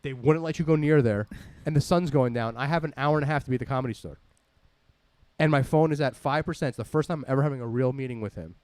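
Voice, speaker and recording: A man casually telling a rambling, animated story full of swearing, as a podcast host. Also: medium pitch, fast, smooth, dry recording.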